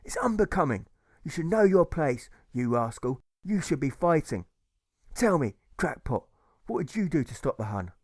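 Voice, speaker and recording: A man plays a blustering labourer in the heat of a row, loud and rough as he shouts insults. It is recorded close and dry in a storybook reading. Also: fairly high pitch, sing-song, moderate pace, no room sound. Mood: angry. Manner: blustering name-calling. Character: angry working-class labourer man, blustering.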